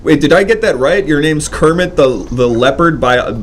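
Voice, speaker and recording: A man's voice: fairly high pitch, expressive, normal speed. A man hosting a live comedy stream, playful and bantering as he needles his guest. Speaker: host.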